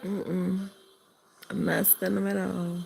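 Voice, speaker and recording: A woman's voice: on the low side, level tone, slow, gravelly, a little mellow, rough recording. An older woman hosting a late-night livestream from home, chatting in a sassy, casual way with her viewers while sleepy and yawning. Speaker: livestream host.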